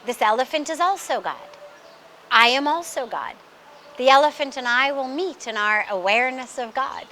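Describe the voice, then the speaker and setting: A woman's voice: high-pitched, lively intonation, moderate pace, bright, forceful tone, slight background noise. A woman voicing a proud stubborn young disciple. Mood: self-assured. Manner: indignant, self-assured.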